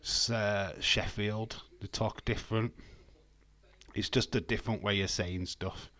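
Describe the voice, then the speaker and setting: Reading comments during a casual live stream, this man from Yorkshire, England, who hosts wrestling watch-alongs, jokes around with viewers, rambles, and lets the odd swear slip. He talks unhurriedly, with a fairly low pitch, steady tone, and a bright, forceful quality.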